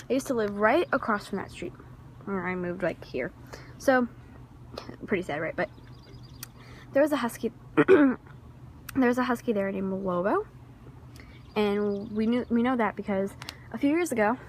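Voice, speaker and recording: A teenage girl vlogging outdoors in her neighborhood, telling a rambling, excitable story into a handheld phone camera. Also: mid-range voice, a little hiss or hum. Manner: excitable, rambling, many restarts and fillers. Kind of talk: casual storytelling vlog.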